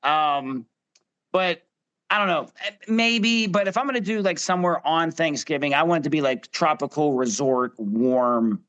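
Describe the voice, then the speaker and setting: A man's voice: a little high, lively intonation, moderate pace, fairly bright tone, highs cut off. A man hosting a casual podcast roundtable, upbeat and putting questions to each guest in turn. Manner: upbeat, quizzes the others in turn. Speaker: podcast host.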